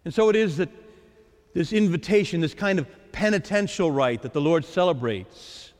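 A man preaching a sermon as a priest, acting out the voices of the Lord and the disciples with lively drama. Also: fairly high pitch, moderate pace. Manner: animated, dramatizing the Lord's and disciples' lines. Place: church. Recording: echoey church with long reverb.

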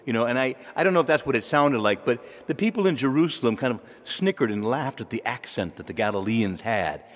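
Male preacher, lively pitch, chatty sermon delivery, echoing church hall. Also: fairly quick. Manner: conversational, animated, asks the listeners questions. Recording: long reverb of a large hall.

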